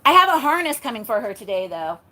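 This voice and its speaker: A woman's voice: a little high, very animated, fast talker, pushed and bright, a little hiss or hum. A woman vlogging outdoors in her garden on a handheld phone, rambling casually and laughing often. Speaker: vlogger showing her pet pig and garden. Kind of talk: casual chat.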